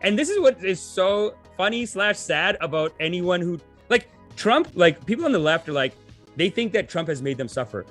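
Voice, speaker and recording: Co-host, male, high and lively, mocking tone, soft music under. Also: normal speed. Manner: mocking, animated, throws in silly impressions. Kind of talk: casual commentary chat.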